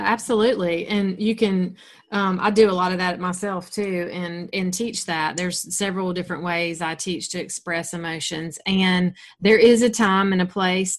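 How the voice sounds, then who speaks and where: A woman interviewing a guest, encouraging her and asking open questions. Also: on the low side. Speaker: interviewer and coach. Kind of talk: casual interview.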